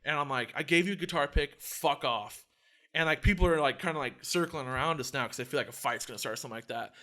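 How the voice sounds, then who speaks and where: A man's voice: a little high, quick pace. A young man telling a story in casual podcast chat, acting out quotes and swearing a lot, with "like" in nearly every phrase. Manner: animated storyteller, acts out quotes, heavy filler "like", swears a lot. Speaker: podcast co-host.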